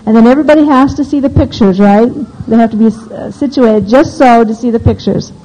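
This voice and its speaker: At a homeschooling seminar, a woman addresses a live audience in a somewhat high, dark-toned voice, speaking fairly quickly. She is opinionated and practical and often puts questions to her listeners. The recording is dull and lo-fi.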